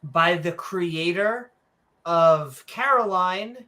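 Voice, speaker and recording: A man's voice: high voice, extremely slow, sharp tone. A man co-hosting a skeptic podcast, ranting casually with profanity and frequent restarts. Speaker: podcast co-host. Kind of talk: casual reaction commentary.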